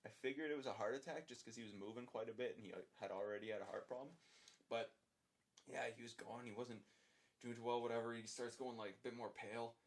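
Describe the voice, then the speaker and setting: A young man, a podcast guest, telling a story in casual chat, animated, swearing freely and acting out the dialogue. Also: medium pitch, quick pace.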